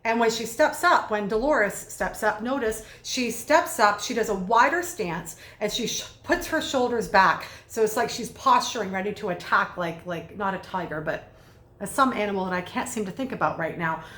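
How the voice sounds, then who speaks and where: A woman communication coach giving energetic, conversational commentary in quick bursts. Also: mid-range voice, roomy sound. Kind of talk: video lesson commentary.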